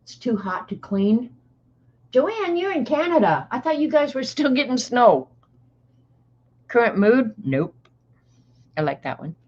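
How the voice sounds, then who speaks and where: A woman's voice: fairly high pitch, very animated, a little slow, long pauses, a little mellow, dull audio. An older woman hosting a livestream, chatting casually with viewers and reading aloud with dry, sarcastic asides. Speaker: livestream host.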